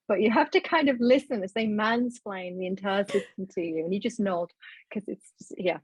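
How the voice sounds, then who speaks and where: Husky-voiced woman professor, frank guest. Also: mid-range voice, a little mellow, dry recording, poor audio. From Sheffield, England. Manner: frank, self-mocking, quick to laugh. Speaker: law professor, podcast guest. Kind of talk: casual interview chat.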